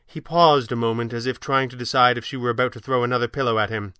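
A man narrating a story in a measured, scripted reading. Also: mid-range voice, steady tone, bright, forceful tone, smooth, no echo, clean studio sound.

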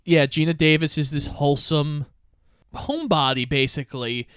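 A man's voice: fairly high pitch, normal speed, fairly bright tone, clear, resonant tone, no echo, clean studio sound. A young man co-hosting a podcast, casually summarizing a movie plot in an easygoing way. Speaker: podcast co-host. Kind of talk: casual movie recap chat.

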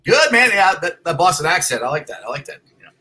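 Middle-aged guy hosting a sports show, bright husky voice, excited and rambly. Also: a little high, quick pace. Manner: excited, rambling, shouty greetings. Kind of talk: casual sports talk show. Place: son's house, on a computer.

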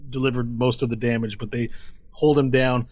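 A man's voice: mid-range voice, little pitch movement, fairly quick, a little mellow, no echo. A man running a tabletop game as game master, narrating scenes in a rambling descriptive way over a headset mic.

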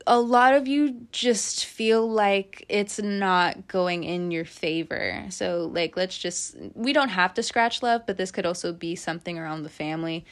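A young woman giving a casual, animated tarot reading, swearing freely and laughing often. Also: on the low side. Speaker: tarot reader.

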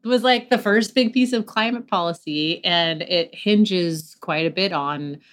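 A woman co-hosting a podcast, talking casually and animatedly, swearing freely with quick asides. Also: lowish voice, clear, resonant tone. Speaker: podcast co-host. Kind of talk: casual chat.

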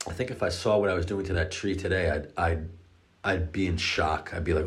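Deep-voiced father telling a rambling story. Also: steady tone, a little fast. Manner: rambling, with many restarts and swearing. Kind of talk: casual personal storytelling.

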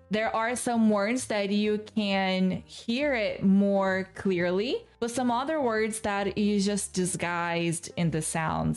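A woman teaching an English lesson, taking her explanations apart step by step and repeating the key words patiently. Her voice sits at a middle pitch, with soft music faintly underneath.

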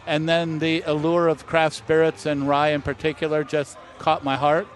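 A man's voice: a little high, moderate pace. A middle-aged man, a master distiller, telling anecdotes in a casual interview and acting out the people in them. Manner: animated anecdote-teller who acts out quoted voices.

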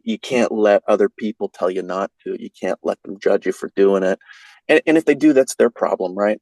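A man's voice: fairly low pitch, vocal fry, darkish tone, no echo, rough recording. A man guesting on a podcast, telling a folksy, rambling story in casual chat with lots of fillers.

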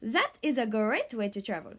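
Brief: a fretful, excitable king for a kids' storybook, read by a woman, high and pleading. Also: normal speed. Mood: worried. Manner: raised, pleading and worried. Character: anxious, excitable male king.

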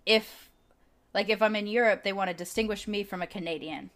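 A woman from the United States, a podcast guest, telling stories in a casual, animated way and laughing often. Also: medium pitch, fairly quick. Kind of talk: casual conversational interview.

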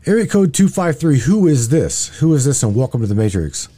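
A man's voice: medium pitch, big pitch swings, fairly quick, mellow, slightly rough. A man hosting a casual open-line call-in show, stumbling over his words and often restarting. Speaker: radio call-in host.

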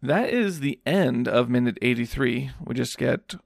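A man's voice: medium pitch, lively intonation, unhurried, vocal fry, no room sound, clean studio sound. A man hosting a podcast alone, recapping a film scene in a rambling, casual way with lots of fillers. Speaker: podcast host.

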